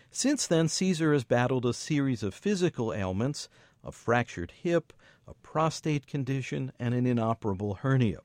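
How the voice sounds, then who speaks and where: Man narrating a documentary, lively pitch. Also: dry recording, clean studio sound. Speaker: narrator and interviewer.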